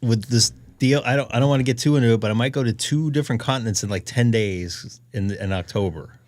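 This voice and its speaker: A man's voice: medium pitch, fast, darkish tone. A man hosting a ham radio live stream, chatting in a rambling, jokey way and laughing often. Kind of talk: casual chat on a live stream.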